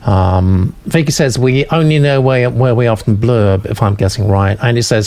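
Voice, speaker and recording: Man, host, casual chat, gravelly, hesitant, reads comments. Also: medium pitch, moderate pace, darkish tone.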